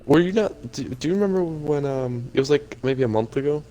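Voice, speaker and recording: A man's voice: medium pitch, fairly quick, dark tone, soft background music. A young man co-hosting a casual podcast, mostly reacting with short questions. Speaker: podcast co-host. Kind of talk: casual chat.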